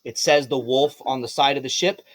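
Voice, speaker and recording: A man narrating a live tabletop game as game master, animated and playful, slipping into quick character voices. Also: medium pitch, dry recording.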